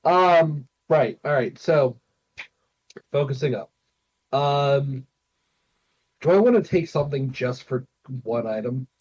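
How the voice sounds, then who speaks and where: A man's voice: mid-range voice, animated, takes it slowly, long pauses, darkish tone, slightly rough, no room sound, lo-fi sound. A man co-hosting a casual podcast, teasing his friends and laughing often. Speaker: podcast co-host. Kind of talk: casual chat among friends.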